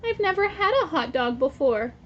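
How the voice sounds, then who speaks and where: Woman doing a squeaky polite duckling. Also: expressive, normal speed. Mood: curious. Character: small cute curious duckling. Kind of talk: children's picture book read-aloud. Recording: dull lo-fi audio with faint noise.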